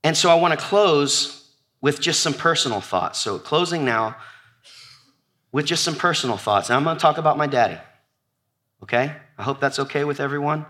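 Pregador animado de voz brilhante. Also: male voice, fairly high pitch, moderate pace. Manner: animated preaching, drops to near-whisper on repeated lists, calls out to congregation. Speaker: pastor. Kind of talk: sermon. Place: church before a congregation.

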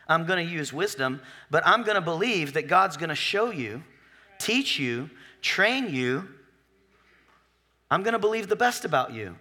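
A man's voice: sits high, bright, forceful tone. A male pastor preaching a sermon in a conversational, joking way, often asking the congregation if they are with him.

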